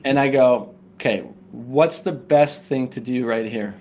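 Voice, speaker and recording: A man's voice: medium pitch, measured pace, darkish tone, slight background noise. A man speaking as a podcast guest, telling a personal story earnestly and often checking in with "right?". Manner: earnest, tags points with "right?". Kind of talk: casual conversational storytelling.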